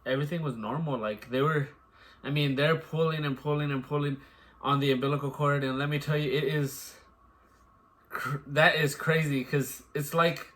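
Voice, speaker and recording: A man's voice: a little high, fairly even intonation, normal speed, fairly bright tone. A man, a new father, chatting casually, rambling and repeating filler words. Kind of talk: casual chat.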